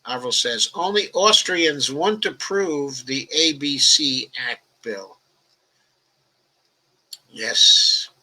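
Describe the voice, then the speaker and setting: A man's voice: a little high, pushed and bright, poor audio. An elderly man, hosting a political livestream. He reads out viewer comments and answers them in a rambling, conversational way full of "okay" and "uh". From New York, the Bronx. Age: 80s.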